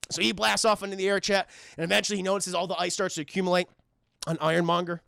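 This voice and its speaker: A man with a high, gravelly voice talks through a film scene by scene for his live chat, animated and full of swearing. His tone is bright and edgy, and his restarts pile up as he rushes along. The sound is dry and close. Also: dry recording. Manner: animated, swears often, acts out lines in quick bursts; many fillers and restarts. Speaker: film reviewer streaming live. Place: home streaming setup.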